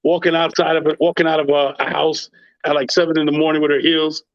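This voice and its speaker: A man hosting a podcast, chatting casually and reacting with quick, playful teasing. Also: a little high, little pitch movement. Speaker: podcast host. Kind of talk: casual interview chat. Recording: dry, dull lo-fi audio.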